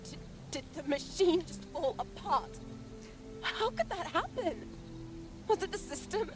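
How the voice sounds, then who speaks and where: A worried caller, high voice. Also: female voice, expressive, a little slow, music in the background. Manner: worried, calling out. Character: anxious woman lost on a radio call. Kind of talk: video game voice acting.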